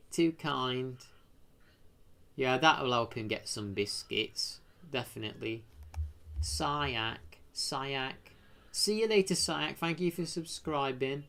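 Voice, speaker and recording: A British man chatting casually on a live stream. He rambles, thanks viewers from the chat, and breaks into sudden excited exclamations. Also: a little high, gravelly.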